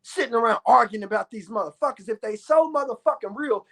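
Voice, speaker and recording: A man in his thirties delivering a loud, profane ranting monologue to his viewers, with bursts of shouting. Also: very high voice, fast, creaky. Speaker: vlogger.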